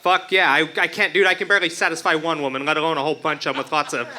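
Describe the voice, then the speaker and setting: Brash, crude stand-up comic, bright voice. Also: male voice, a little high, fairly even intonation, very fast. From Utah. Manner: crude, profane, brash joking. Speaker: stand-up comedian. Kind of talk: stand-up comedy set. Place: open mic stage before a live crowd.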